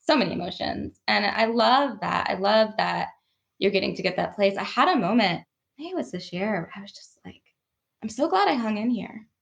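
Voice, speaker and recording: A woman's voice: mid-range voice, expressive, normal speed, creaky, a bit bright, lo-fi sound. A woman guest on a podcast, speaking earnestly and emotionally about her own growth, laughing often. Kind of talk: reflective conversational interview.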